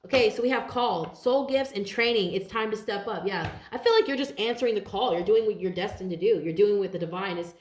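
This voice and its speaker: A woman's voice: mid-range voice, a little fast, few pauses. A woman giving a casual tarot reading to her viewers, blunt and profane, rambling with lots of fillers. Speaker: tarot reader. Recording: roomy echo.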